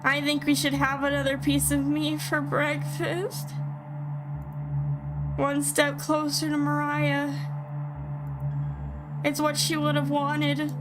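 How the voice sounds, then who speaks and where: A desperate, starving man begging for help, read aloud by a woman in a high voice. Game music plays under the lines of this horror visual novel. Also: completely flat delivery, slow, pauses often. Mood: pleading. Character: starving man, Anatoly, pleading.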